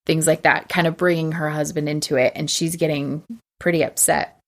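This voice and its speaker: A woman with a notably low voice co-hosts a casual podcast. She recaps a film's plot in a long, chatty run, dropping in "like" and slipping into quick impressions of the characters. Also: level tone. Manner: retells plot at length, acting out characters' lines; chatty, frequent "like" and laughter. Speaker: podcast co-host. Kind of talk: casual film recap chat.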